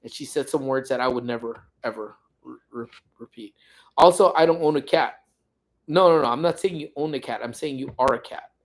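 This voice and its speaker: A man hosting a laid-back livestream from his home, drifting from topic to topic. He teases his viewers and jokes around as he reads their comments aloud. His pitch sits in the middle range. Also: fairly quick. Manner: rambling, joking, teasing viewers. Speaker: livestream host. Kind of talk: casual livestream chat reading viewer comments.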